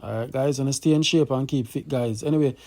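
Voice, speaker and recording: A Jamaican man hosting a casual call-in show, giving shout-outs and bringing the caller on in loose patois. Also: mid-range voice, moderate pace.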